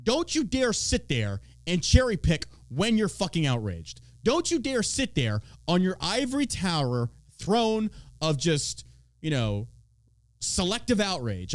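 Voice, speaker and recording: A man's voice: high voice, wildly swooping pitch, a little slow, no echo. A man from Texas hosting a podcast, ranting about politics in a mocking, profane way and swearing freely. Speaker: podcast host.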